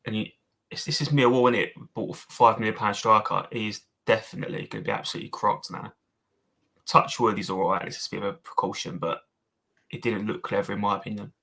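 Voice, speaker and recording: A man gives blunt opinions on a loose football fan podcast, swearing and calling his co-host mate. His voice is low, forceful and husky, with a hard edge. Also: steady tone, quick pace. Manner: blunt, matey, swearing, says mate a lot. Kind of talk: casual fan podcast chat.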